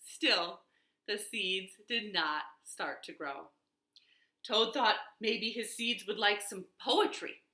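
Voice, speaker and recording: A woman librarian reading a children's storytime at home, slow, sing-song and expressive. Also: medium pitch. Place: home living room. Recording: roomy living room.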